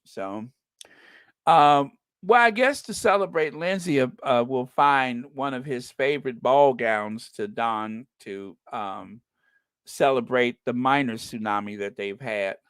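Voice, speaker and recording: A man's voice: medium pitch, measured pace, fairly bright tone, clear, resonant tone, dry recording. A man hosting a casual commentary vlog, joking and hesitant with many ums and restarts. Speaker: channel host.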